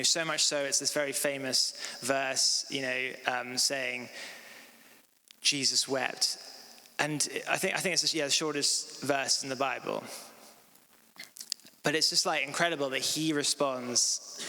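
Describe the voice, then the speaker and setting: A man's voice: medium pitch, bright, forceful tone. A man in his thirties giving a sermon in a church hall, talking casually with many "like" and "um" fillers. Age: 30s. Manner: casual, filler-heavy with frequent "like" and "um". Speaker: preacher. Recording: long reverb of a church hall.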